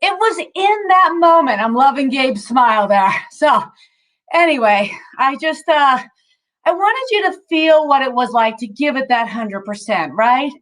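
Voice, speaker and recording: Guiding a casual mindfulness class, a woman with a fairly high, slightly bright voice chatters in a loose, upbeat way. Her intonation is lively and her pace a little slow, and she keeps interrupting herself with ums and restarts, sometimes a bit breathless.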